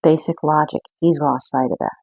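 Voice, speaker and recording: A woman with a low, gravelly, husky voice gives an intuitive card reading. She speaks earnestly and reflectively, pausing often to gather her thoughts. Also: steady tone, warm tone, no room sound. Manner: earnest, reflective, with frequent pauses. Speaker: spiritual card reader.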